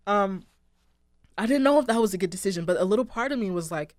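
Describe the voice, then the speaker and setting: A woman's voice: medium pitch, animated, fast, dry recording. Young woman host, reflective solo talk, earnest and rambling, dry close mic. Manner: earnest, rambling, heavy use of "like" and "um". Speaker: radio show host. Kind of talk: reflective casual monologue.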